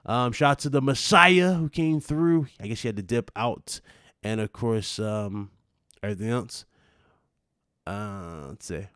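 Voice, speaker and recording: A man hosting a gaming stream, chatting casually and giving laid-back shout-outs. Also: lowish voice, a little slow, clear, resonant tone, no room sound, studio quality. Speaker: stream host.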